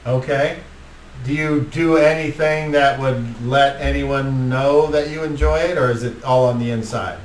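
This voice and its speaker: A man's voice: medium pitch, unhurried. A man narrating a tabletop game as game master, casual and rambling with lots of filler words. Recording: roomy, distant mic, faint noise.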